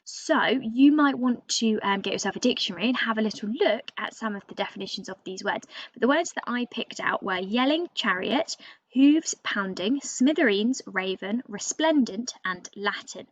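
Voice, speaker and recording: Give me a woman teacher explaining a lesson gently, with a slightly high voice and a dull, dry sound. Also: expressive, normal speed, no echo. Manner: gentle, explains step by step with fillers. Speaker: primary school teacher. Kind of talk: recorded online reading lesson.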